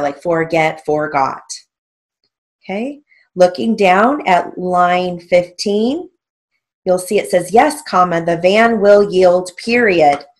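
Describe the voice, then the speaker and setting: A woman teaching a stenography lesson, dictating short phrases slowly and spelling out letters, checking in with an occasional "okay?". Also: on the low side. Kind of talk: slow, deliberate dictation lesson.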